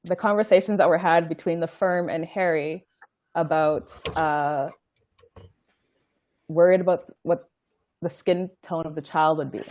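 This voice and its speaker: Chatty upbeat woman hosting, lowish voice, kinda muffled audio. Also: steady tone, unhurried, long pauses, darkish tone. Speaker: podcast co-host. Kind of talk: casual chat.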